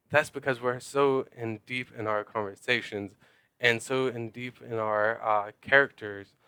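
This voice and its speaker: Crisp, bright-voiced rambling man. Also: mid-range voice, no echo. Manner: rambling, loose, filler-heavy. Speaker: tabletop role-playing gamer. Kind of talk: casual talk to camera. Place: at home.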